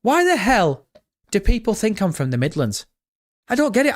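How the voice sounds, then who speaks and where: A young British man live-streaming, chatting excitedly with his viewers and swearing freely. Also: high voice, moderate pace. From Britain. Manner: excitable, swears often, chats directly to viewers. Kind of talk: casual live-stream chat.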